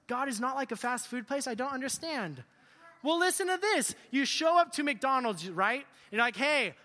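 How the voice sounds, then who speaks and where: A male youth pastor preaching a sermon in an animated, joking way, asking the group questions. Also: extremely high pitch, long reverb tail. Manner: animated, jokey, asks the crowd questions.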